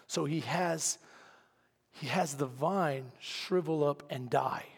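A male pastor preaching a sermon, dramatic, swinging from hushed asides to shouted lines. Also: a little high, a little slow, breathy edge, big-room sound.

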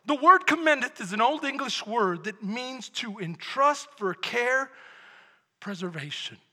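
A male pastor preaches with a very high, piercingly bright voice that carries an airy, husky edge. He tells his stories dramatically, dropping to hushed lines and rising to shouts. A long church reverb trails every word. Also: lively intonation, takes it slowly. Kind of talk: sermon. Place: church sanctuary. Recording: long reverb of a large hall.

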